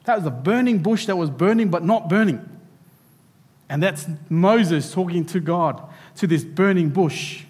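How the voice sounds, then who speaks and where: Male preacher, high voice, lively sermon to kids and church, long hall reverb. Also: a little slow, slightly rough. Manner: animated preaching, addressing children directly. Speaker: pastor.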